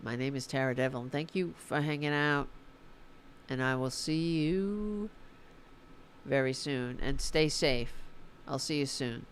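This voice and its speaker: A woman's voice: extremely low pitch, a little slow, slight background noise. A tired woman hosting a political livestream, chatting casually and swearing as she reads the chat and signs off. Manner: informal and profane, fired-up about politics.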